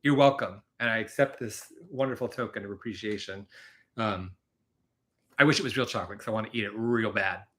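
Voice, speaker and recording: A man's voice: medium pitch, bright, forceful tone. A man hosting a casual live stream, chatting and rambling, laughing often as he talks.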